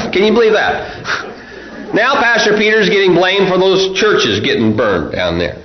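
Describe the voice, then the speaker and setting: A male pastor preaching a sermon, mixing folksy stories with forceful preaching. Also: high-pitched, expressive, unhurried. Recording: roomy, dull lo-fi recording.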